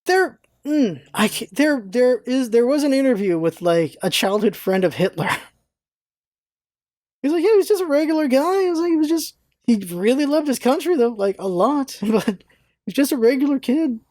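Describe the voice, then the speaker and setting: A woman ranting in a casual vlog, animated and exasperated, laughing often and swearing freely. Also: fairly high pitch, a little slow, no echo, studio quality. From United States. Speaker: vlogger, show host.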